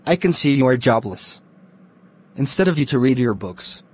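A man voicing a wealthy, secretly wicked uncle in a Christian cartoon, speaking in a bossy, scornful way with a husky voice. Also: mid-range voice, animated, moderate pace, slight background noise, lightly acted. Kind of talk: Christian animation voice acting.

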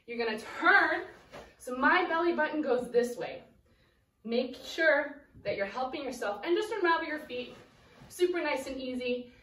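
High-voiced woman counting dance steps. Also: animated, moderate pace, bright, forceful tone, recorded from a distance, a little hiss or hum. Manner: cheerful, counts beats and calls out steps while dancing. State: slightly out of breath. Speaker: dance instructor. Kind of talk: dance lesson for children. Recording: echoey room, voice from afar.

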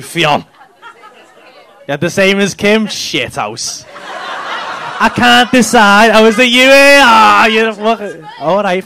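High-voiced comic doing crowd work. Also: male voice. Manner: swearing, teasing banter with the crowd. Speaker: stand-up comedian. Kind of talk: crowd work at a comedy club. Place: comedy club stage. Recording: noisy live club recording. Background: audience laughter.

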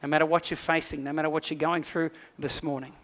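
An Australian man preaching a sermon, telling a personal story with animated energy and then turning quiet and earnest for the message. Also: on the high side, quick pace, big-room sound. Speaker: pastor.

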